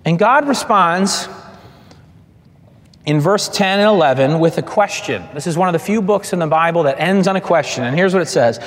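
A man in his thirties preaching a sermon, animated and acting out the lines he quotes. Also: fairly high pitch, normal speed. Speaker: pastor. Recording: long hall reverb.

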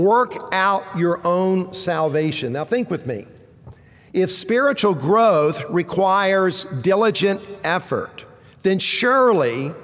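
A male pastor preaching a sermon, telling stories with dramatic pauses and dropping low and quiet for punchlines. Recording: long reverb of a large hall.

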